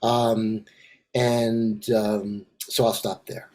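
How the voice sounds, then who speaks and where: An older man facilitating an online empathy circle, talking in a halting way with many fillers and restarts. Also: fairly low pitch, flat delivery, a little mellow. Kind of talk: casual online group discussion. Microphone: video call.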